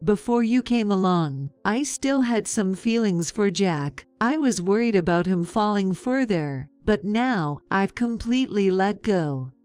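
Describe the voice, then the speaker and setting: Slow, smooth woman narrating a story. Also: medium pitch, no echo, faint music behind. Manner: calm, measured, sarcastic.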